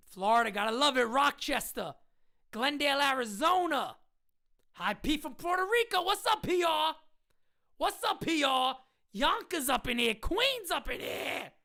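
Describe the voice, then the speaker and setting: Hyped, lively live-stream host woman. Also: high voice, gravelly. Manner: hyped, slangy, shouting out viewers. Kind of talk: live-stream sports chat.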